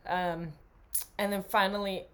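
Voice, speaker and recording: A woman's voice: mid-range voice, steady tone, unhurried, fairly bright tone. A young woman co-hosting a casual sports podcast, chatty and enthusiastic, laughing often. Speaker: podcast co-host.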